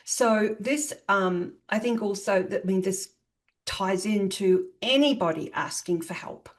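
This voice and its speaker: Woman podcast host, middle pitch, warmly affirming, loose fillers, conversational. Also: measured pace. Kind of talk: conversational interview.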